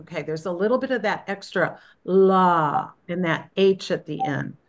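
A woman leading a group practice on a video call, speaking in a gentle, unhurried and encouraging way. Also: lowish voice. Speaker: spiritual practice leader. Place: Florida.

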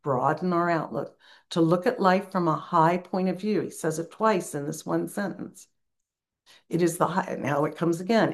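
An older woman gives a reflective spiritual talk, reading slowly and pausing to muse. Her voice sits fairly low for a woman, and she breaks off now and then for quiet asides. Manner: slow, musing reading with asides and soft laughs. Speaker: spiritual teacher.

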